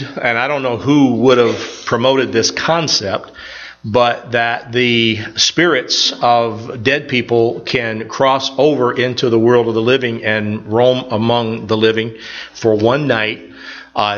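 An older man preaches at a mid pitch, wandering off into folksy personal stories and often restarting his sentences. The recording sounds a little dull and lo-fi. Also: fairly bright tone. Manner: rambling, folksy storytelling with many restarts. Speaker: pastor. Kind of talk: informal sermon with personal stories.

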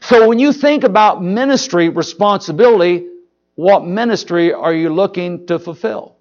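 A man preaching a sermon in a church, in a folksy, animated way, often asking the congregation questions. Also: sits high, moderate pace, highs cut off. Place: church sanctuary.

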